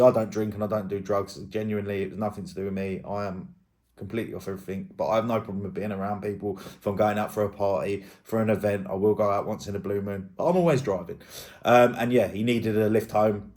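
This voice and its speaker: A man's voice: lowish voice, darkish tone. A man giving casual, rambling commentary as a YouTube drama host, thinking aloud and hedging as he goes.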